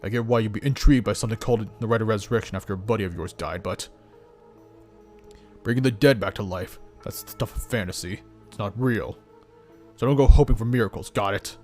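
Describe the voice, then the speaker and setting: A man's voice: on the low side, a little fast, darkish tone, faint music behind, lightly acted. A man playing a weary, stern police boss of about sixty in a game, grumbling and dismissive. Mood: gruff.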